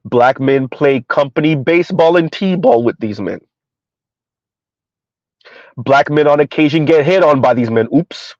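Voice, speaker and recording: Host, man, sarcastic ranter, fairly high voice, dull dry mic. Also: unhurried, pauses often, a little mellow, no echo. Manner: sarcastic, repetitive rhetorical questions. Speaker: commentary channel host. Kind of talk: opinion monologue.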